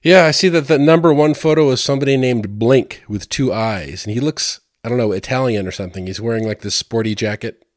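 A man's voice: mid-range voice, fairly quick, few pauses, dry recording. Man from Maryland, casual chat, rambling, repeats himself, dry close sound. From Maryland, USA. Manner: rambling, repeats words when thinking.

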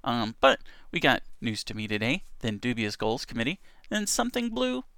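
A man's voice: medium pitch, big pitch swings, moderate pace, pushed and bright, dry recording, studio quality. A man hosting an online radio show, chatting casually and reading news items aloud, often stumbling and correcting himself.

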